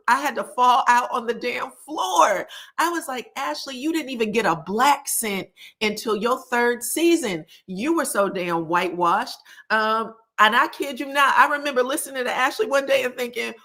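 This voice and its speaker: A woman with a slightly low voice hosts a casual recap of a reality show. She talks straight to her audience in a chatty, sassy way, full of quick asides and laughing remarks. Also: a bit bright. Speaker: host.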